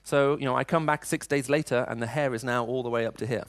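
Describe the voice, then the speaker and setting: A man's voice: mid-range voice, steady tone, quick pace, no echo. Conversational male preacher, dry sound. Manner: storytelling, conversational, frequent restarts. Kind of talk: sermon with personal stories.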